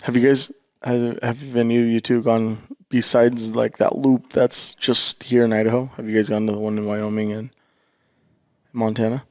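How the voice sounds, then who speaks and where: A man's voice: medium pitch, level tone, normal speed. A man in casual podcast chat, rambling and hesitant, filling with "like" as he asks questions. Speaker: podcast co-host.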